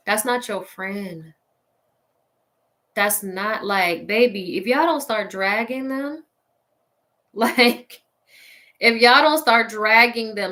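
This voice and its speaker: A woman hosting a show and delivering a casual, sassy comedic rant straight to her listeners, laughing often along the way. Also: mid-range voice. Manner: sassy, petty, animated ranting. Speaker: podcast host.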